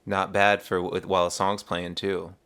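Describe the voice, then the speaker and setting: A man's voice: low-pitched, flat delivery, normal speed, fairly bright tone, smooth. A man hosting a podcast, chatting casually and encouraging his guest. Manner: encouraging, talkative, easy laughs. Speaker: podcast host.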